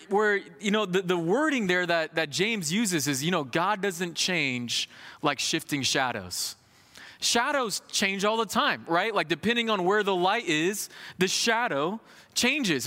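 A man in his thirties preaching a sermon in an animated, conversational way, with folksy asides. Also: sits high, big-room sound.

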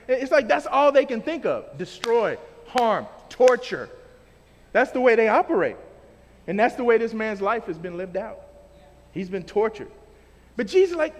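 Male preacher, very high voice that swoops widely, casual slang-filled sermon delivery, heard in a hall with long reverb. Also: lively intonation, normal speed.

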